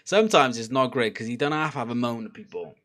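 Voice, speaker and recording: A man's voice: mid-range voice, quick pace, a bit bright. A young man giving a casual live reaction to a football match, chatty and laughing, swearing and urging on the players. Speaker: football watchalong streamer.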